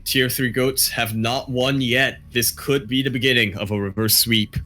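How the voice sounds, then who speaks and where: A man casting a live video game match, quick, rambling and joking. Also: mid-range voice, fairly even intonation, sharp tone, soft background music. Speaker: esports caster.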